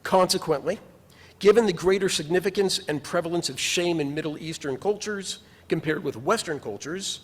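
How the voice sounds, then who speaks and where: High-voiced rabbi preaching in a reverberant hall. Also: male voice. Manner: earnest, measured preaching with emphatic repetitions. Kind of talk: sermon. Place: synagogue sanctuary. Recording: long reverb of a large hall.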